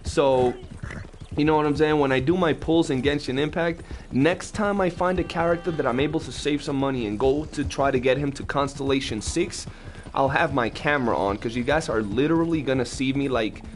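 A young man chatting casually on a live game stream, talkative and slangy, telling animated stories to his chat. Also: mid-range voice, brisk.

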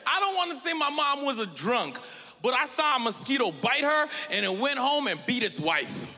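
High, bright-voiced stand-up comedian. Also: male voice, sing-song, normal speed. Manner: punchy, shouted punchlines. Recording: live hall with long reverb. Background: audience laughter.

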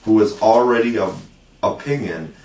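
A man narrating a storybook in a measured, expressive way. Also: fairly low pitch. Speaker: audiobook reader. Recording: roomy, distant mic.

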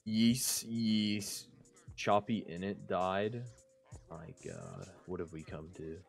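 A man's voice: sits low, slow pace, vocal fry, husky, faint music behind. A man streaming a game, rambling and mumbling to himself, often trailing off mid-sentence. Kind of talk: casual gameplay commentary.

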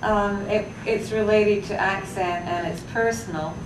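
A woman's voice: mid-range voice, steady tone, a little slow. A woman in the audience asking a hesitant, personal question at a public talk. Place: public library talk room. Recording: noisy echoey room from far off.

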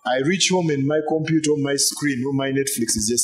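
A pastor preaching a sermon in a loose, conversational way, repeating phrases and using fillers. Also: male voice, mid-range voice, moderate pace, few pauses, rough recording.

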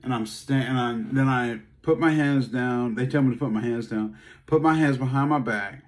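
A man giving a talk, telling a personal story in a casual, conversational way and acting out the dialogue. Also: normal speed. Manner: animated, acts out dialogue, voice jumps high when upset. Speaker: speaker.

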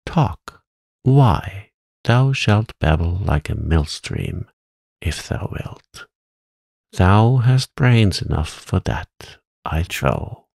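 Stern old witch lady, grim and mocking, as a man puts her on, low gravelly and slow. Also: big pitch swings, a little mellow, no room sound, exaggerated voice. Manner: slow, stern, archaic speech.

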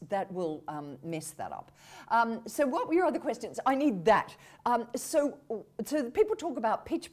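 A woman speaking in a video-call interview with a very lively, swooping pitch. Her voice sits at a middle height for a woman but jumps high whenever she demonstrates a point. Her manner is animated and demonstrative. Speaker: communication expert guest. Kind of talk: conversational interview.

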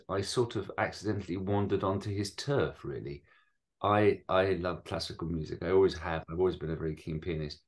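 A middle-aged man from Britain, a musical comedian answering interview questions in a reflective way with small restarts. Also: low voice.

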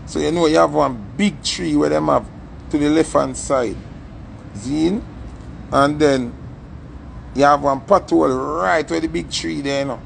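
A young man with a Jamaican accent telling a story in a casual, animated way and acting out the voices in it. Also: a little high, measured pace, creaky, long pauses, a little hiss or hum. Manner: animated, acts out the story's voices, patois-heavy.

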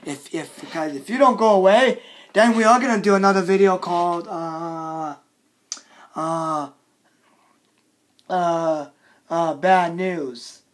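A man vlogging an angry, repetitive rant, often shouting and scolding. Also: high-pitched, slow, long pauses.

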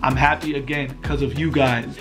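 A young man vlogging, talking earnestly and with deep feeling to his viewers and repeating himself as he thanks them. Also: fairly even intonation, normal speed, over music. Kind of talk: emotional thank-you to viewers.

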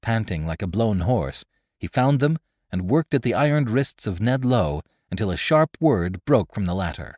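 A man with a fairly low voice reads a classic tale aloud, his pitch rising and falling with lively expression. The sound is dry and close, with no room around it. It is polished, scripted storytelling. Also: moderate pace, no room sound. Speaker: narrator and host.

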